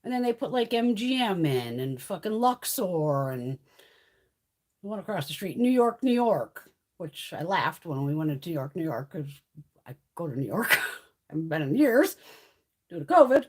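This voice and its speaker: A woman's voice: lowish voice, big pitch swings, moderate pace, darkish tone. A middle-aged woman from the US East Coast chatting casually on a livestream, telling stories in a blunt way and swearing constantly. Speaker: beauty livestream host.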